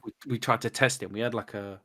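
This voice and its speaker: An English man chatting as a podcast guest, rambling excitedly through stories, swearing and laughing, on a cheap microphone over a video call. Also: lowish voice, quick pace. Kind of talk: casual chat. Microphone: cheap desktop mic on a video call.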